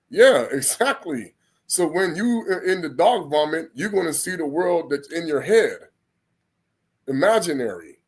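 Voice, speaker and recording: Guy preaching off the cuff, kinda high voice, stumbles and repeats words a lot. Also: very animated, a little slow, breathy edge. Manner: rambling, repeats words, slips into quoted voices. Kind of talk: informal spoken sermon.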